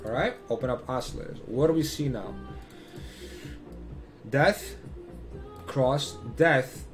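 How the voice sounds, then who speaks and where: A man hosting his own channel, talking through charts in casual commentary. He sits in a mid-range voice and leans hard on repeated warnings, cursing freely as he goes. Soft music plays faintly behind him. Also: medium pitch, expressive, takes it slowly.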